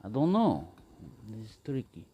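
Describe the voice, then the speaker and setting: A man's voice: lowish voice, huge pitch swings, normal speed, dull audio, a little hiss or hum. A man talking casually to the camera as he cooks, rambling, talking to himself and answering in silly voices. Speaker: outdoor cooking vlogger. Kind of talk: casual talk to camera while cooking.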